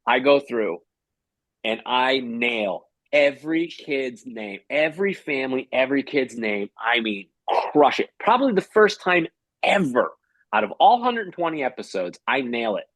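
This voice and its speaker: Animated man telling a backstage story. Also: medium pitch, moderate pace, no room sound. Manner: lively, acts out quotes in raised voice. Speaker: game show host, guest.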